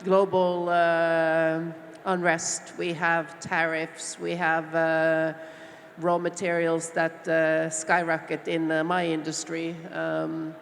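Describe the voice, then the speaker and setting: A middle-aged woman from Norway, speaking on a panel as a small business owner, heartfelt and reflective with many pauses and fillers. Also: low voice, completely flat delivery. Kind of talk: panel discussion talk. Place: large expo hall stage. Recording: long hall reverb with faint background noise.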